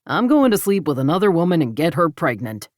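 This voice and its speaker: A man's voice: on the high side, sing-song, a little fast, dry recording, clean studio sound. A woman voicing a lovesick rancher man, earnest and pleading, in an audiobook romance. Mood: teasing.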